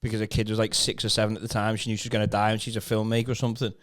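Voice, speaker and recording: Man, fast pace, teasing, rambling, casual podcast chat. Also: fairly low pitch, little pitch movement. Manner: teasing, rambling with many restarts. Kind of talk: casual banter.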